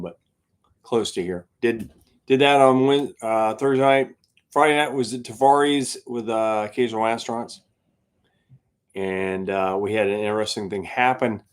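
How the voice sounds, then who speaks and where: A man's voice: fairly low pitch, moderate pace, clean tone. A man hosting his own channel and chatting casually as a gigging guitarist, telling stories with lots of fillers and laughs. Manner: rambling storyteller with many fillers and laughs. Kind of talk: casual chat to a live stream audience.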